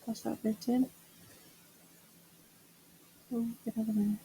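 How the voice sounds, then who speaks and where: A woman's voice: fairly high pitch, flat delivery, takes it slowly, warm tone, a little hiss or hum, rough recording. A middle-aged woman chatting casually to camera while doing a resin craft, muttering to herself and teasing herself about her mess. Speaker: craft vlogger.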